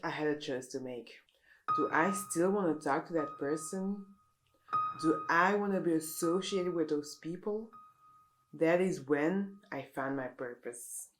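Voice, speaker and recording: A woman delivering a deadpan, mock-serious satirical monologue as a comedic vlogger. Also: sits low, measured pace, rough recording.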